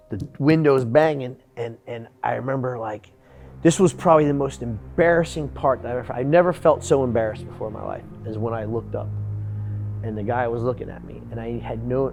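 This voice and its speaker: A man in his forties giving an earnest personal testimony, halting and restarting, and acting out what others said to him. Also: medium pitch, darkish tone. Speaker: storyteller.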